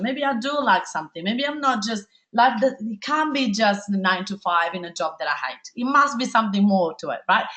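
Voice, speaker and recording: A woman's voice: mid-range voice, a bit bright. A woman with an Italian accent, hosting a live webinar as a life coach and talking in an enthusiastic, chatty way, often ending with a questioning "right?". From Italy. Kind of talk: live webinar talk to an online audience.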